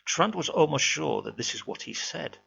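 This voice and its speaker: A man reading a ghost story aloud in a measured, expressive way. His voice is very gravelly with a bright, forceful edge. The home recording is dull and lo-fi, with a faint hum behind it. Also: a little high. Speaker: narrator.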